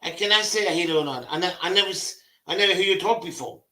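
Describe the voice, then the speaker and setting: A man in his forties chatting casually on a livestream, speaking in halting, broken phrases with repeated words. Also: high voice, bright, forceful tone, roomy sound. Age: 40s. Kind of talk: casual chat.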